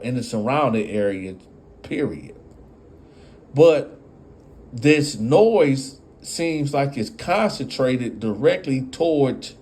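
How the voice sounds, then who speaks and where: A man's voice: mid-range voice, mellow. A man casually telling a story and speaking straight to his audience. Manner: conversational, addresses the audience.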